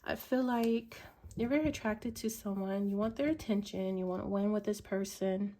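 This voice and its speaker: A woman doing a tarot reading, musing slowly with many ums and likes. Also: mid-range voice, dark tone. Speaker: tarot reader.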